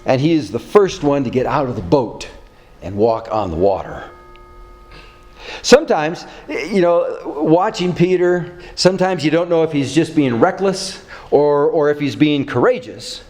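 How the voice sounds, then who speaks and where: A male pastor preaching a sermon, telling a story with chuckles and animated character voices. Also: a little high, a little slow.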